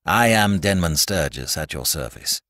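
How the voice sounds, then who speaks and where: A grim, watchful detective speaking low and quiet with cool determination, as a male narrator puts him on. Dry, close sound. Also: lively intonation, moderate pace, no room sound.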